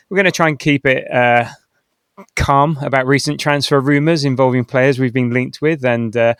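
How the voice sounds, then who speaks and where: Chatty male podcast host, smooth dry voice. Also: medium pitch, no echo. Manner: chatty, rambling with frequent restarts and laughs. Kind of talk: casual football podcast chat.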